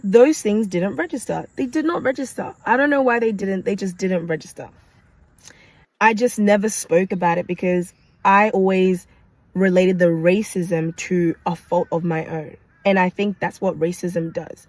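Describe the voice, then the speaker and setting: A young woman from Kenya, a nurse, telling a personal story to camera in an animated, emphatic way, with repetition and vocal sound effects. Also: medium pitch, normal speed, rough recording. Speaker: nurse sharing her story.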